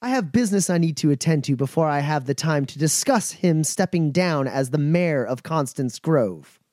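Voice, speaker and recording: A man's voice: fairly high pitch, expressive, moderate pace, a little mellow, no echo, studio quality, lightly acted. A man voicing a composed young noblewoman who gives formal, clipped orders. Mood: cold.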